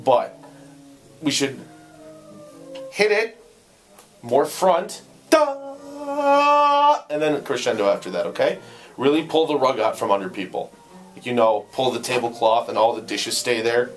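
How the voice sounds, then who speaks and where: A young man with a slightly hoarse voice, coaching a trumpet section in rehearsal. He sings the rhythms to demonstrate and counts the players in. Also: medium pitch, normal speed, soft background music. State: voice going hoarse. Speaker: ensemble conductor. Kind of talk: rehearsal instruction. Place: band rehearsal room. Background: trumpets playing.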